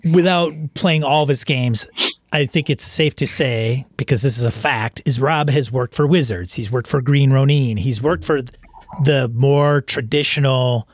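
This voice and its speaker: A man hosting a podcast, talking in a relaxed, rambling way about tabletop games. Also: medium pitch, a little slow, dry recording. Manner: rambling, relaxed, restarts often. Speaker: podcast host. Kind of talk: casual chat.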